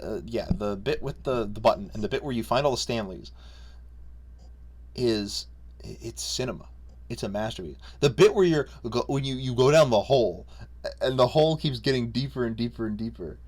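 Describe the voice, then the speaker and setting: A young man casually ranking games he played, profane, rambling and jokey, unscripted. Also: medium pitch. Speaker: video creator. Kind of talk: unscripted casual game rundown.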